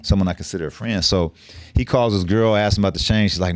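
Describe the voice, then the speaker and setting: A man's voice: deep voice, expressive, fast, dry recording, studio quality. A middle-aged man telling a story on a podcast, casual and profane with street slang. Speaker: podcast guest.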